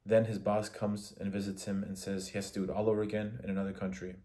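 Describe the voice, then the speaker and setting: Low, flat-voiced man analyzing a film. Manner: measured, in short phrases with restarts. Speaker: student. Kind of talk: spoken film analysis for a class assignment.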